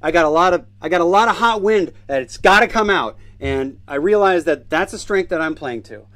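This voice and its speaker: A man's voice: a little high, animated, fairly quick, fairly bright tone. A man in his thirties hosting his own livestream show, talking in a blunt, profane, motivational way to viewers. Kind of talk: casual livestream monologue.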